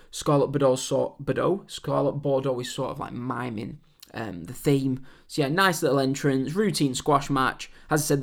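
A man hosting a wrestling podcast, giving blunt opinions with swearing and mocking loud shouts. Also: mid-range voice. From England. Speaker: podcast host.

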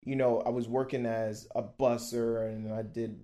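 A podcast guest in his thirties, telling stories with an animated, slangy manner. He repeats words for emphasis and speaks casually at a middling pitch. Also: normal speed. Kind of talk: casual storytelling.

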